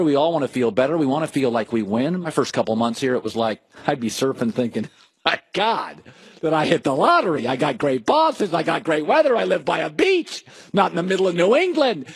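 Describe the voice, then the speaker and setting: A middle-aged man talking sports in an opinionated monologue, his fairly high voice leaping up and down as he jokes and riffs. The sound is close and dry, with no room around it. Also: no room sound. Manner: animated, joking, riffing in quick asides. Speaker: sports radio host.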